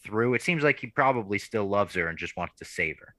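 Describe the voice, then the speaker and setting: A man's voice: on the low side, expressive, a little fast, fairly bright tone, dry recording. A man hosting a podcast, recapping a TV episode in a laid-back, casual way. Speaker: podcast host.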